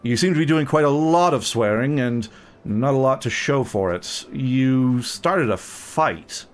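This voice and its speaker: A man's voice: medium pitch, expressive, measured pace, natural voice. A man doing a stern, exasperated city guard. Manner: dry, exasperated.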